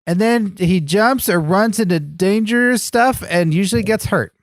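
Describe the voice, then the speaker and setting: A man's voice: sits high, moderate pace, no echo, studio quality. A man co-hosting a comedy podcast with a naive, innocently oblivious manner. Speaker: podcast co-host.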